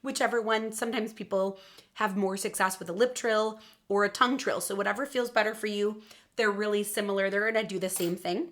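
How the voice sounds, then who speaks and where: Bright, upbeat woman vocal coach. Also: medium pitch, steady tone, fairly quick, a little hiss or hum. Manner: encouraging, upbeat, talks while playing piano. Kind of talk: instructional vocal lesson.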